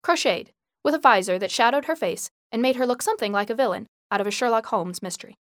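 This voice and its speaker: A woman reading a novel aloud in a measured storytelling voice, hushed in tense passages. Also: a little high, no room sound, studio quality. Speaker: narrator. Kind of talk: scripted audiobook narration.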